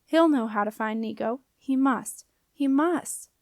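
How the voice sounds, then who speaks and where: A woman's voice: high-pitched, measured pace, no room sound, clean studio sound. A woman voicing an anxious, earnest middle-aged male wizard who talks hesitantly and pleads in a storybook reading. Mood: pleading.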